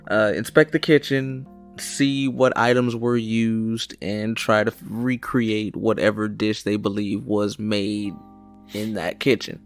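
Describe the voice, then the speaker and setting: A man's voice: fairly low pitch, level tone, slow, faint music behind. A young man co-hosting a podcast, talking in laid-back, slangy casual chat. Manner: laid-back, slangy, says "bro" a lot. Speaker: podcast co-host.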